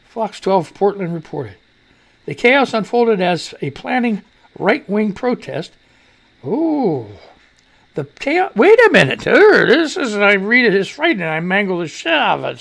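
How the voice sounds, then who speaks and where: A man's voice: sits high, creaky, fairly bright tone. A man hosting a casual live news commentary show, ranting loosely and profanely as he reads and reacts to stories. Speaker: talk show host.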